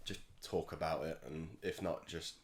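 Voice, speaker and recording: A man's voice: very deep voice, fairly even intonation, moderate pace, a little hiss or hum. A man, a podcast co-host who makes dry, blunt remarks in casual chat.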